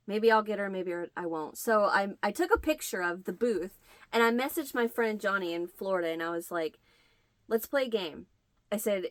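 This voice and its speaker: A woman's voice: medium pitch, fairly bright tone, no echo. A middle-aged woman hosting a crochet channel, chatting to the camera and telling a story, acting out the quoted lines. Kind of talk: casual chat to camera.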